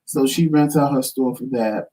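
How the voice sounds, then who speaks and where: A man's voice: medium pitch, normal speed. Dramatic storyteller man, a bit off-mic. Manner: animated, dramatic storyteller acting out quotes. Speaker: talk show co-host. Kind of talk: casual storytelling chat. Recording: voice somewhat distant from mic.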